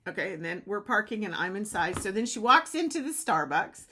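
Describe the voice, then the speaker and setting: A woman vlogger telling a lively personal story in a casual way, acting out the other people's lines as she goes. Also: mid-range voice, a little fast, slight background noise. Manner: excitable, acts out quoted dialogue. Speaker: beauty consultant vlogger.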